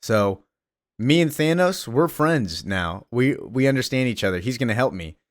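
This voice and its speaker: A man's voice: mid-range voice, animated, normal speed, dry recording, lightly acted. A man voicing Wolverine as a sly schemer in a casual comic retelling. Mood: scheming.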